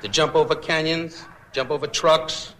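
A man doing an insult comedy roast with needling, mock-insulting jabs and sudden loud asides, recorded as an archival clip in a large banquet hall. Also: on the high side, fairly even intonation, moderate pace. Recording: archival clip with roomy echo, loud laughter.

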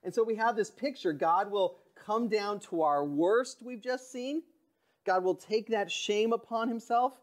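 A man preaching a sermon in a church, talking in an earnest, conversational way that often drops to a soft, quiet voice. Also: sits high. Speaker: pastor.

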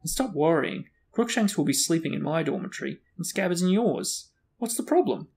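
A man's voice: fairly high pitch, lively intonation, normal speed, creaky, darkish tone, voice pushed up. A man voicing an eager, somewhat bossy teenage witch girl in a storybook reading.

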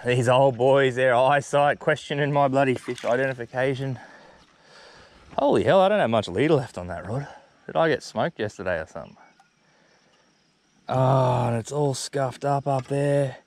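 A man with an Australian accent chatting excitably while fishing from a boat on a creek. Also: mid-range voice, normal speed. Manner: excitable, swears mildly. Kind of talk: casual chat while fishing. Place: small boat on a tidal creek.

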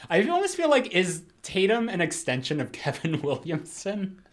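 Halting, casual man co-host. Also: high voice, huge pitch swings. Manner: halting, loose phrasing with many fillers. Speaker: podcast co-host. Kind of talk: casual chat.

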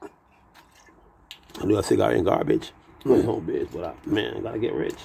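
A man's voice: deep voice, very animated, measured pace, vocal fry, dark tone, a little hiss or hum. A man rambling in a profane monologue that drifts into half-sung rhymes.

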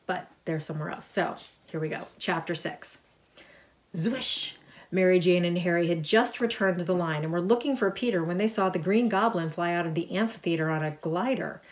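A middle-aged woman with a fairly low voice reads her picture book aloud to children. She is lively and chatty, breaking off to point out the pictures. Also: normal speed. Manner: lively reading, chatty asides about the pictures. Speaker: author reading her book. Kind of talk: storybook read-aloud.

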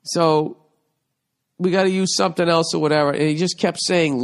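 A man's voice: fairly high pitch, steady tone, normal speed, creaky, clear, resonant tone. Man ranting profanely on a comedy podcast. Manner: profane, exasperated, mocking. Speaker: podcast host. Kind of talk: comedic advice rant.

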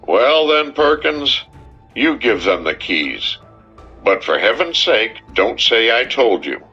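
A nervous small-town sheriff begs for advice in a raised, strained voice, as a male narrator puts him on. He sounds husky and bright, the recording dull with faint music behind. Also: medium pitch, big pitch swings, takes it slowly, pitched above the performer's own voice, heavily acted. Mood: pleading. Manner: pleading, fretful.

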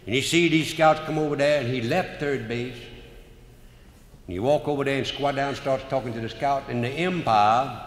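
A man with a Cajun accent telling comic stories live in a folksy drawl. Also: medium pitch. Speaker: humorous storyteller. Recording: roomy live hall recording, faint noise.

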